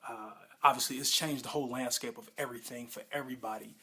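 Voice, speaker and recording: A man's voice: medium pitch, steady tone, quick pace, bright, forceful tone, slightly rough. A man casually reviewing a TV episode, recapping it in a rambling, plain-spoken way.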